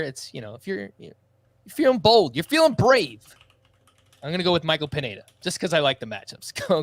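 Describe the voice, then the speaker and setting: A man hosts a fantasy baseball podcast and runs the segments in upbeat, quick banter. His voice is a little higher than most men's. The sound is close and dry. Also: a bit bright, dry recording. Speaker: podcast host. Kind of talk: casual podcast chat.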